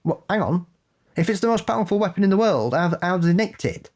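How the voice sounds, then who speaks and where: A man co-hosting a podcast, chatting casually in a blunt, sweary, opinionated way that builds into animated rants. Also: high-pitched, fast. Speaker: podcast co-host. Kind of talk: casual chat.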